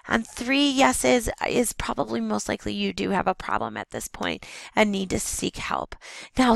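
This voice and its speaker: A woman teaches a recorded lesson over slides, talking plainly and steadily with frequent "um"s and restarts. Her voice is deeply gravelly and worn that day. The sound is dry and close, with no room around it. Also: no echo. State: voice not at its best.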